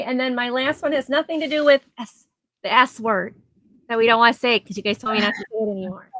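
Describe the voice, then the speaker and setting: Woman, rambling live-sale seller; higher voice, dry close sound. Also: pushed and bright, no room sound, poor audio. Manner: chatty, rambling, laughs easily. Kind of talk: casual live auction chat. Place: home, near her garage.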